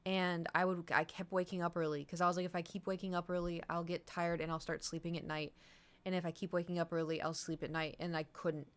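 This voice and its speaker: Young woman, lowish pitch, casual livestream chatter, rambling animated storyteller. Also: brisk, clear, resonant tone. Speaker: streamer. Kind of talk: casual chat with stream viewers.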